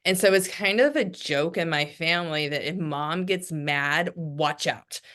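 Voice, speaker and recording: Woman, discussion leader on a video call, low-ish steady voice, even keel. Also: unhurried. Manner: even-tempered, many ums. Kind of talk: casual group discussion.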